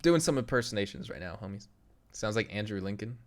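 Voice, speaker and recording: Animated and fast, a young man with a fairly low voice streams live and talks casually with his audience. He laughs a lot, reads chat messages out loud and attempts impressions.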